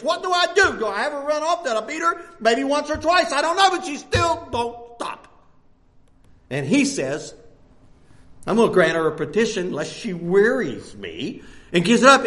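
Animated high-pitched preacher man. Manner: animated, swings between loud bursts and hushed lines, laughs often. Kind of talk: sermon.

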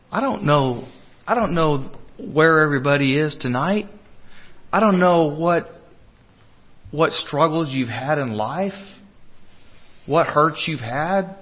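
Slow preaching guy, kinda high voice, dull lo-fi recording, swings loud then hushed. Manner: earnest, swings from loud urging to hushed tenderness. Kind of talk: sermon.

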